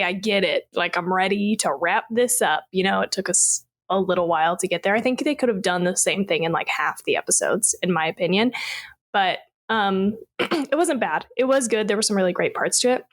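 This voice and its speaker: A woman co-hosting a horror movie podcast, chatting casually with a friend. She shares her opinions candidly, rambling a little and reacting with quick exclamations. Her pitch is mid-range for a woman. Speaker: podcast co-host. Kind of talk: casual chat.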